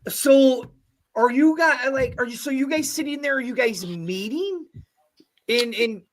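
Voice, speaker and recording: A woman's voice: high voice, expressive, unhurried. A woman hosting, asking questions in a casual chat while thinking aloud with fillers.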